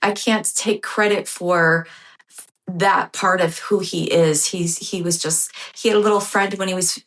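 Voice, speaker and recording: A woman in her fifties, a podcast guest telling a personal story in a heartfelt, halting way. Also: fairly low pitch, fairly even intonation, a bit bright. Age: 50s. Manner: heartfelt, halting, repeats herself.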